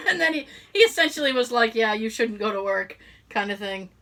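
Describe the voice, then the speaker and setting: On the higher side and at a moderate pace, a middle-aged woman's voice carries a story she's telling while co-hosting a podcast. It's casual chat, full of animation, acted-out quotes, and lots of laughter.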